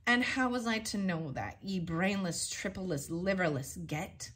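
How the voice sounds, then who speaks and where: A woman's voice: on the low side, animated, unhurried, fairly bright tone, husky, exaggerated voice. A woman reading as a blustering giant outlaw man. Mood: angry. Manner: bellowing oaths in old-fashioned speech.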